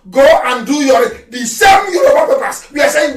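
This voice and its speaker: A fiery, scornful man with a Nigerian accent and a high voice gives a live address, often shouting. He stands well back from the mic in a room that rings with echo. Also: expressive, a little fast, few pauses. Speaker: political activist leader addressing followers. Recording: echoey room, speaker far from the mic.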